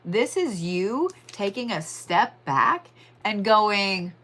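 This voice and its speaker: Chatty, bright-voiced woman reading cards. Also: medium pitch, lively intonation. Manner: chatty, profane, drawn-out emphasis. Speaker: tarot and astrology reader. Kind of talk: casual weekly horoscope reading.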